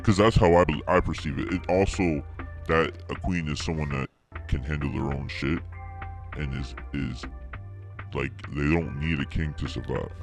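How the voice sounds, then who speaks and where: A man in casual podcast chat, speaking thoughtfully and haltingly as he works through his opinion. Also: extremely low pitch, creaky, soft background music. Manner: thoughtful, halting, restarts often.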